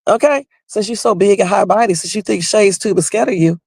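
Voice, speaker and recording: A woman's voice: medium pitch, a little fast, gravelly, a little mellow, breathy edge, no room sound. A woman hosting her own livestream, bluntly and confrontationally sounding off while talking straight to her viewers. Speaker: livestream host. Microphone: home livestream setup.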